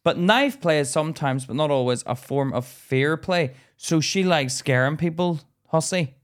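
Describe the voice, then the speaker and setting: British man, podcast co-host, casual joking chat, laughs a lot, stumbles when reading aloud. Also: on the high side. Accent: British English. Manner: joking, laughs often, reads aloud haltingly.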